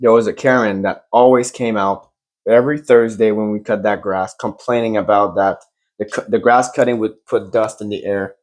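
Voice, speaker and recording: A man's voice: on the low side, fairly even intonation, normal speed. A man co-hosting a casual podcast, joking crudely and rambling, recorded on a phone. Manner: joking, rambling, says random things. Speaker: podcast co-host. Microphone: phone camera.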